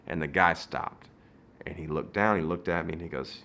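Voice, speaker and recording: Guy in his 30s telling funny stories, bright voice, all over the place loud and soft. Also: low-pitched, moderate pace, vocal fry, slight background noise. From Southern United States. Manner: animated, playful, swings loud and soft. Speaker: comedian. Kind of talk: comedic storytelling. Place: garage.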